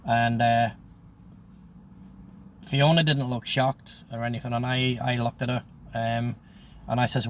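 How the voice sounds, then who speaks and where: A man in his sixties tells his own story in a flat, level voice, blunt and heavy with swearing. He keeps cutting back to "I says" as he quotes others. Faint traffic hums behind him. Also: medium pitch, normal speed. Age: 60s. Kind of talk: casual spoken storytelling.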